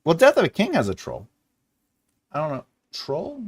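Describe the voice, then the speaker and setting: A man's voice: fairly high pitch, wildly swooping pitch, a little fast, husky. A man in his forties, host of a casual live chat with his viewers, rambling and jokey and often laughing. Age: 40s. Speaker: livestream host.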